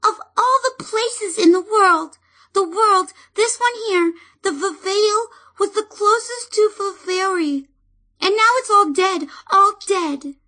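Storybook fairy: tiny, timid male sprite, squeaky, stammering, tearful, pitched very high; a woman voices him. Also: very animated, a little slow, fairly bright tone, full character voice. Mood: despairing, tearful. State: crying. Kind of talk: audiobook reading.

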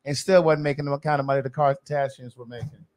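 A man's voice: medium pitch, fairly even intonation, fast talker, darkish tone. A man co-hosting a podcast in casual chat, with a wry, chatty manner. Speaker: podcast co-host.

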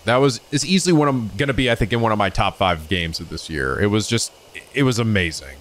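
A man hosting a let's play, chatting excitedly and a little ramblingly as he introduces a new game. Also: fast. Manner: voices quoted people in a raised pitch. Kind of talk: casual gaming commentary.

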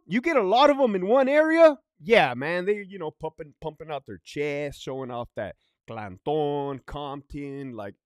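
In a slightly high voice, captured with studio quality and no echo, an ex-prison guard delivers a casual storytelling monologue. He swears freely, stresses his points, and keeps asking "right?".

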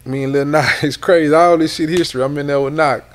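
A middle-aged man, telling stories as a guest in a casual interview, loose and animated, often repeating words. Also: a little high, fast.

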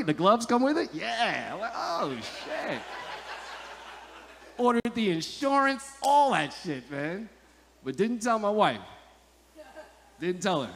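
A New comedian with a high, ringing voice works the crowd with loud, profane jokes. His voice carries the long echo of a live venue. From Montclair, New Jersey. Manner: loud, profane, joking banter with the audience. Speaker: stand-up comedian. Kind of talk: stand-up crowd work.

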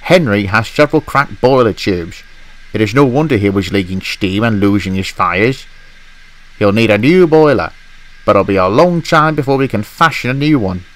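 A man voicing a stern, measured middle-aged male railway boss in a storybook reading. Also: fairly low pitch, animated, natural voice.

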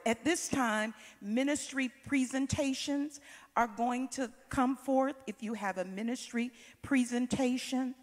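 A woman hosting a church program, making slow, formal announcements and speaking warmly to the honoree. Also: mid-range voice. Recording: long hall reverb.

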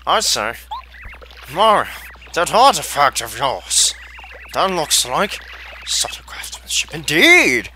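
A man's voice: fairly high pitch, very animated, slow pace, long pauses, bright, forceful tone, slight background noise, heavily acted, poor audio. A man voicing a pompous male archaeologist explorer in a put-on posh British accent, plummy and theatrical.

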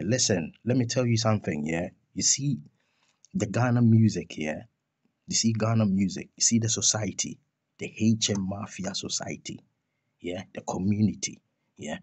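A young man delivers a heated vlog rant, scornful and full of rhetorical questions and insults. His voice sits low and sounds a little husky. It is recorded dry and close, with no room sound around it. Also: a little mellow, no room sound. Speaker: commentator on a music feud.

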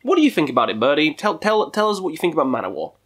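A man's voice: fairly high pitch, very animated, rapid-fire, a bit bright. A man hosting a casual video countdown, talking in a profane, goofy way with jokey asides. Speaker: metal music YouTuber.

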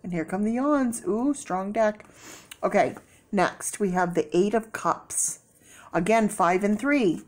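A woman giving a casual tarot reading, chatty with many fillers and sudden excited bursts. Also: mid-range voice, slow. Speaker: tarot reader.

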